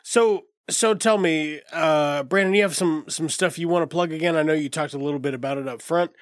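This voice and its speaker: A man's voice: a little high, brisk, dry recording, clean studio sound. A congested man hosting a casual podcast interview, easygoing and laughing often. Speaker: podcast host.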